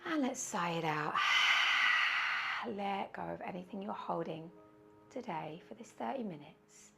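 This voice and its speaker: A woman teaching a yoga class over a video call, guiding slow breathing in a soothing way with audible sighs. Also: fairly low pitch, expressive, gravelly, over loud music. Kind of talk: guided yoga class instruction. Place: indoors, windy weather outside.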